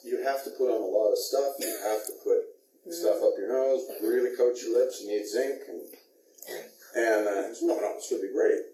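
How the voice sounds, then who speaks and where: A man's voice: fairly low pitch, dark tone. A male actor in an interview, animatedly telling a behind-the-scenes story and laughing often. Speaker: actor guest. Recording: roomy, distant mic, faint noise.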